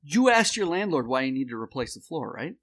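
A man's voice: fairly high pitch, sing-song, a little fast, a bit bright, breathy edge. A man in casual chat, talking sarcastically and swearing. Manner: sarcastic, profane.

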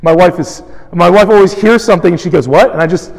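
A man preaches with a light, high voice and a chatty, animated delivery. He often slips into acting out the complaints of the people he quotes. His voice carries a long reverb from the church hall. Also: fast, gravelly. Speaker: pastor. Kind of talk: sermon.

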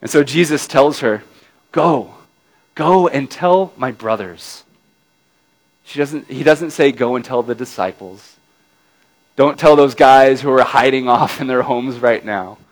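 A man's voice: mid-range voice, normal speed, low-quality recording. Preacher man telling a story with drama. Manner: dramatic storytelling, dropping to a near-murmur for quiet moments; addresses listeners with tag questions. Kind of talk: sermon.

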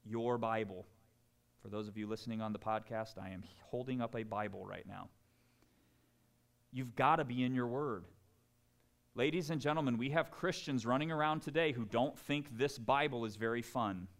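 A man preaching a sermon in an animated, conversational way, full of jokes and asides. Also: medium pitch, moderate pace. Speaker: pastor.

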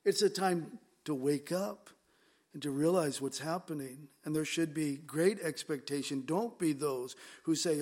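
A man's voice: on the high side, lively intonation, a little slow. A man preaching a verse-by-verse sermon, emphatic and conversational, firing off rhetorical questions. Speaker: pastor. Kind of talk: expository sermon.

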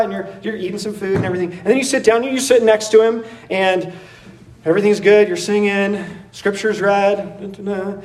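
A man preaching a sermon in a conversational, animated way, laughing and acting out voices as he goes. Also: sits high, a little fast, recorded from a distance. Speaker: pastor. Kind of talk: expository sermon.

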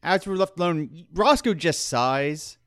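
Male tabletop player, animated and casual, narrating his character. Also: on the high side, unhurried, dry recording, studio quality. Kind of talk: tabletop role-play narration.

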